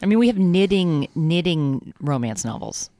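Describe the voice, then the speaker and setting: Playful, animated podcast co-host. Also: medium pitch, no echo, studio quality. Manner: quick, playful, frequent laughter. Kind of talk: casual chat.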